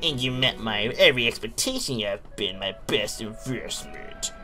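A man voicing a sleazy, cruel brothel master, reading his lines slow and oily. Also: medium pitch, lively intonation, sharp tone, faint music behind. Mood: gloating.

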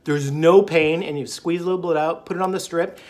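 On his diet channel, a man with a somewhat high, slightly mellow voice speaks briskly and with a steady tone. He rambles casually, cracking jokes, drifting into asides, and leaning on lots of fillers.

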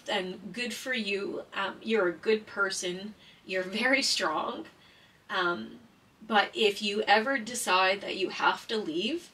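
A woman and former paramedic talking casually and earnestly while doing a jigsaw puzzle, halting with many fillers and holding back tears. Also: mid-range voice, pushed and bright, distant mic, poor audio.

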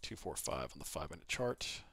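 A man hosting a casual trading livestream, his voice hoarse from talking, answering viewer questions and reading numbers off charts. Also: very deep voice, very animated, fairly quick, pushed and bright.

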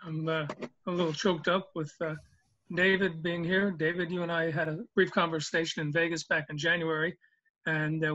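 A man's voice: fairly high pitch, bright, forceful tone, muffled recording. A man in his seventies telling the joke of the day in a folksy, rambling way, with lots of ums and uhs. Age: 70s. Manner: folksy, rambling, with many fillers. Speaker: regular joke teller. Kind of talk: storytelling a joke.

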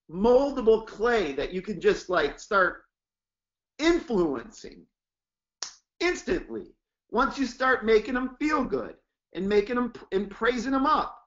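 A man's voice: extremely high pitch, highs cut off. A man teaching a sales class, talking emphatically and acting out sample praise lines for phone calls. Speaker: sales trainer. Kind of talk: training lecture with demo lines.

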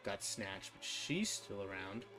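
A man's voice: on the low side, lively intonation, slow, sharp tone. A man giving casual let's-play commentary, reacting with exasperation and frequent laughs. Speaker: gameplay commentator. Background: game music.

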